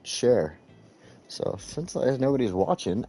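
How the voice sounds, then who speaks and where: A man's voice: fairly low pitch, very animated, a little slow, dark tone. A man hosting a casual live game stream, rambling and swearing as he talks to his chat while clicking through menus. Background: faint background music.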